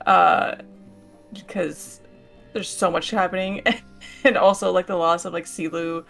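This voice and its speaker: Hesitant woman player with gravelly fry. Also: fairly low pitch, fairly even intonation, unhurried, soft background music. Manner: hesitant, filler-heavy, warm. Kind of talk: casual tabletop game play.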